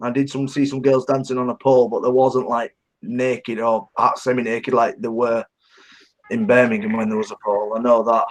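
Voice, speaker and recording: A man's voice: medium pitch, flat delivery, normal speed. A man co-hosting a casual podcast, laddish and sweary, often laughing. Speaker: podcast co-host. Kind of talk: casual chat.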